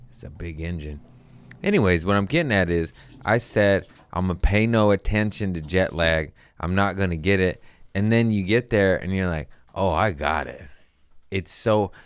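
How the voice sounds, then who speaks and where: A man's voice: low-pitched, clean tone, dry recording. A young man and comedian telling rambling, profane stories on a casual podcast, saying bro a lot.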